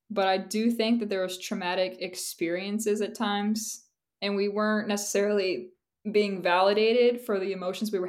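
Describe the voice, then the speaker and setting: A young woman co-hosting a podcast in casual chat, candid and rambling, laughing often and filling her talk with "like". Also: medium pitch. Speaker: podcast co-host.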